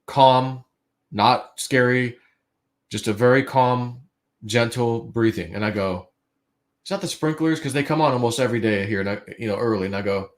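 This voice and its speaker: Man, casual livestream storyteller, animated, acts out quotes, hushed then loud. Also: mid-range voice, normal speed. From United States.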